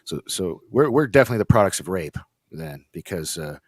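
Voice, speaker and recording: A man with a lowish voice, chatting loosely and joking as he goes. He rambles and stops to read the live chat. The sound is close and dry, with no room around it. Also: very animated, brisk, no room sound. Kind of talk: casual chat.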